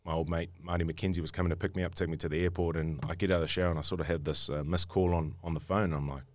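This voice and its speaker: In a dry recording, a young rugby player from New Zealand tells a story very quickly in a low, flat voice. Being interviewed, he rambles, frequently repeating himself and restarting words.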